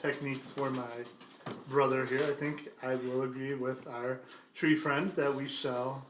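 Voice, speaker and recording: A man's voice: medium pitch, little pitch movement, measured pace, a bit bright. A man playing a tabletop game in character, polite and earnest, recorded in an echoey room with background noise. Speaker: player.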